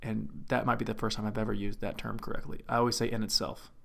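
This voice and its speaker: A man's voice: lowish voice, level tone, fast talker, vocal fry. A young man hosting a casual comedic monologue, rambling and poking fun at himself. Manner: rambling, self-mocking, trails off and restarts. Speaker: host.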